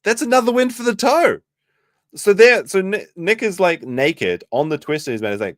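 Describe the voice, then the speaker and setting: Sarcastic man reacting with loud outbursts. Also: high voice, expressive, normal speed, no room sound, studio quality. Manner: sarcastic, swings from loud outbursts to mumbled asides. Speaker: commentary streamer host. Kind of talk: reacting to a played stream clip.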